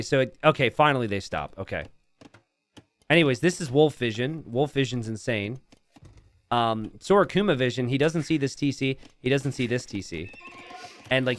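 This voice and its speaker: Man casting a strategy game, excitable, lively swooping pitch, shouts and laughs. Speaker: game caster.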